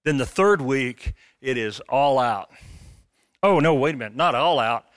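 A middle-aged man preaching a sermon as a pastor, animated and conversational, with jokes. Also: mid-range voice, a little slow, clean tone, no echo, studio quality.

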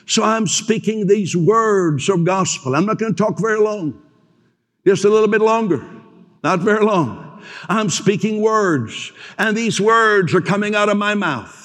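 A man preaching a proclamation sermon, slowing down to stress key phrases and softly acting out what listeners might say. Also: high voice. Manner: proclaiming, slows for emphasis, mimics listeners softly. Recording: hall reverb.

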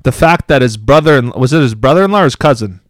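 A man's voice: mid-range voice, lively intonation, quick pace, no room sound. A man co-hosting a football podcast, ranting angrily with lots of swearing and emphatic repetition. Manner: angry, swearing, emphatic rants. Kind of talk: heated podcast rant.

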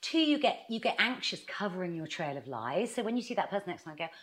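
A woman talking through her advice with a lot of melody in her voice, sitting a little low in pitch. She keeps slipping into quick acted-out bits of dialogue as she explains. It sounds like an easy, friendly interview chat. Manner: animated, acts out little quoted exchanges. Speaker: author and guest.

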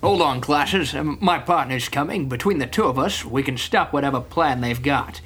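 A man playing a matter-of-fact male robot with a deadpan delivery. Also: mid-range voice, normal speed, breathy edge. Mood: urgent.

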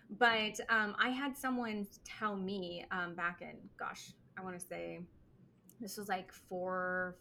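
Bright-voiced, enthusiastic woman host. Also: mid-range voice, gravelly, slight background noise. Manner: enthusiastic, affirming chat. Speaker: podcast host. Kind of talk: conversational interview.

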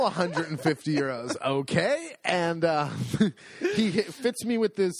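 A middle-aged man spins a long personal anecdote in relaxed podcast chat, slipping into the other people's voices. His voice sits a little high for a man, and it is recorded dry and close with no room sound. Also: unhurried, dry recording. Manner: animated, acts out dialogue, laughs often. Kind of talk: casual storytelling chat.

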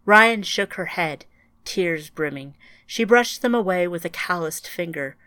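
A woman narrating a scripted audiobook in a quiet, even storytelling manner. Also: low voice, normal speed, clean tone, no echo.

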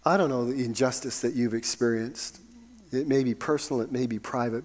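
A man preaching a sermon, calling his listeners loved ones and swinging between ringing emphasis and a hushed near-whisper. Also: mid-range voice, fairly even intonation, brisk.

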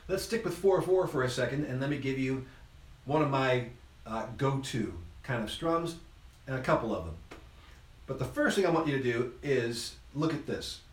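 A man giving an instrument lesson, counting beats aloud in an encouraging, relaxed way while he plays. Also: mid-range voice, normal speed, echoey room, over loud music. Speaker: music teacher.

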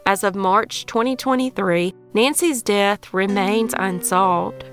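A woman with a Southern US accent, hosting a podcast and reading a true crime account in a measured, even way. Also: medium pitch, faint music behind. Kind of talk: scripted true crime narration.

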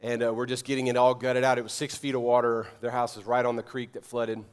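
A middle-aged male pastor preaching a sermon, telling a story and then building to loud, emphatic preaching. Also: mid-range voice, level tone, quick pace, clean tone.

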